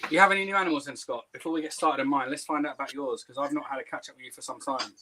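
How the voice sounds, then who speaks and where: A man's voice: mid-range voice, rapid-fire, pushed and bright, a little hiss or hum, poor audio. A man, a little out of breath, joking and teasing himself as a guest on a casual livestream. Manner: joking, self-mocking banter.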